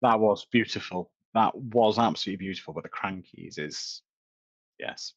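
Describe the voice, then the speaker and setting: A man's voice: on the low side, moderate pace, no echo, muffled recording. A man co-hosting a casual live stream, chipping in with dry, teasing remarks.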